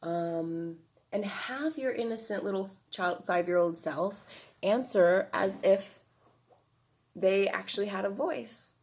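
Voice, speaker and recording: A woman giving a casual self-help lesson, relaxed and encouraging, often checking in with "right?" and fillers. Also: mid-range voice, slow pace. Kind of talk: casual instructional talk.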